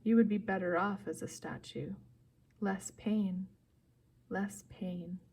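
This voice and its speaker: A soft, slow, purring female monster from a storybook reading, coaxing and sly, low and hushed. A woman reads her part. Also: steady tone, slightly rough.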